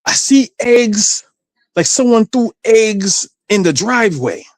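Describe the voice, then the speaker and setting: A man's voice: high-pitched, expressive, slow pace, no room sound, pitched above the performer's own voice. A fretful, suspicious older mother with a lilt, put on by a man. The voice jumps well above his own and fires off anxious, nagging questions. The sound is close and dry.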